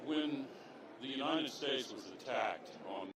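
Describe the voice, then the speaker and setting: A man and former politician answering interview questions in a slow, deliberate, halting way. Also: medium pitch, expressive, fairly bright tone, slightly rough, low-quality recording. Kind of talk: measured TV news interview.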